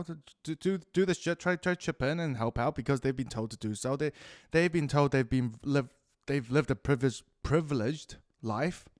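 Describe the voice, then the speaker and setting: A man with a New Zealand accent ranting profanely through a rambling solo monologue, swinging between loud outbursts and muttered asides. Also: medium pitch, no room sound, clean studio sound. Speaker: podcast host.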